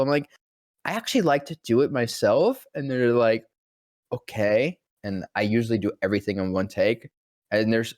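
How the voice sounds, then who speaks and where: A man's voice: mid-range voice, no echo, clean studio sound. Profane rambling voice actor man. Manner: rambling, profane, acts out quoted lines. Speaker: voice actor guest. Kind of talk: casual storytelling.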